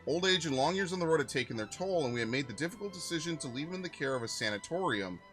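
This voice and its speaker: A man's voice: on the high side, expressive, racing, fairly bright tone, faint music behind, voice pushed up. A man reading out the earnest, formal lines of a painting master talking to a student.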